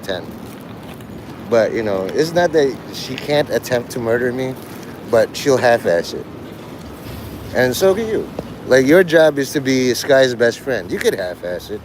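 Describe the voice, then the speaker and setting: A man's voice: medium pitch, noisy background. Rambling man streaming from a city street. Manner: rambling, joking, mimics voices in quotes. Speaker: livestreamer. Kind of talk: rambling casual livestream talk.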